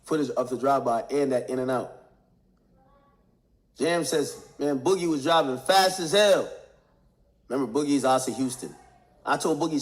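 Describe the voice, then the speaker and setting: High-pitched man, casual street-slang commentator, animated retelling of testimony. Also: normal speed, pauses often. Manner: animated slang-heavy retelling, acting out quotes. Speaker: commentator recapping court testimony.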